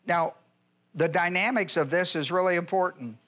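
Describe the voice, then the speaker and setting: A man's voice: high voice, normal speed, fairly bright tone. A male pastor teaching a Bible class verse by verse, emphatic, repeating key phrases and quizzing his listeners.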